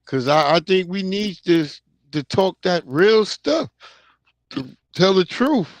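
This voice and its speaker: A man's voice: sits high, lively intonation, slow, no echo. A man in his thirties or forties hosting a livestream, talking loosely and casually with plenty of slang as he reacts to chat comments. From New York (Long Island). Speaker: livestream host.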